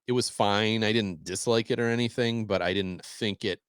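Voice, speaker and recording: A middle-aged man co-hosting a podcast, talking in a relaxed, rambling way with small chuckles. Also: on the low side, moderate pace, clear, resonant tone, dry recording, studio quality. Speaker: podcast co-host. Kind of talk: casual chat.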